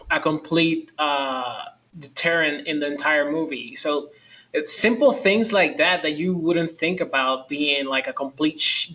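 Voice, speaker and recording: A man's voice: a little high, sharp tone, muffled recording. A man co-hosting a film podcast, talking casually with lots of fillers and swearing. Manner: rambling, profane, many fillers. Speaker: podcast co-host. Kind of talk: casual chat.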